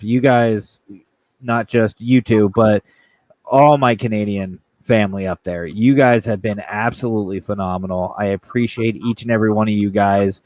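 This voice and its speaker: A man's voice: on the low side, no room sound. Jokey man telling a story, dry sound. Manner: jokey, animated storyteller acting out voices. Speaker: podcast host. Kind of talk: casual storytelling chat.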